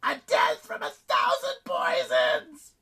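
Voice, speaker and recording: A man voicing a snarling, vengeful goddess of misery in an audiobook, with slow, drawn-out, shrieking threats in a strained high voice. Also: wildly swooping pitch, vocal fry, bright, forceful tone, raised voice, full character voice. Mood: furious threats.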